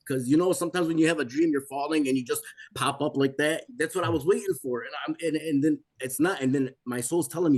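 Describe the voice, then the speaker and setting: Forties guy telling his story, intense, repeats himself, mid-pitched voice. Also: fairly quick, darkish tone. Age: 40s. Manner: intense, repetitive, rising to pleading. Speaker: guest telling his testimony. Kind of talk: emotional personal testimony.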